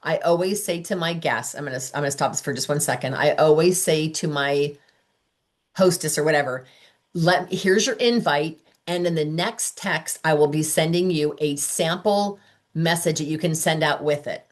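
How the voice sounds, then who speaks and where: A woman with a low, full voice runs a training session for her sales team. She talks with lively enthusiasm and slips into quick voices for the messages and replies she quotes. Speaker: sales director giving training. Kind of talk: training talk.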